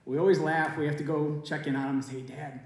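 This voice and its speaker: A man's voice: fairly high pitch, fairly even intonation, quick pace. A man of about forty, a teacher, telling a personal story at a school event in a casual, conversational way with lots of fillers. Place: school auditorium or hall. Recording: very echoey hall.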